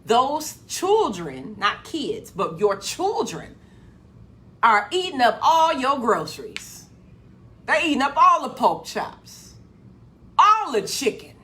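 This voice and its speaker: Woman, motivational live stream, lively swooping pitch, repeats phrases, loud then hushed. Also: slow. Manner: preachy call-and-response, repeats phrases; gets loud with excitement, then drops low. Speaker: motivational speaker.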